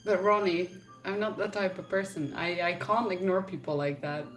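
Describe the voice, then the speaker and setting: A young woman chatting casually to her viewers in a slightly low voice. She tells her stories with an exasperated, laughing manner, with faint music playing underneath. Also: moderate pace. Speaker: vlogger. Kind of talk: casual chat to camera.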